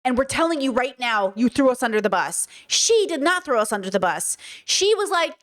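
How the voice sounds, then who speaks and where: A woman's voice: high voice, sing-song, a little fast, few pauses. A woman hosting a reaction commentary video, talking bluntly and emphatically, with frequent swearing.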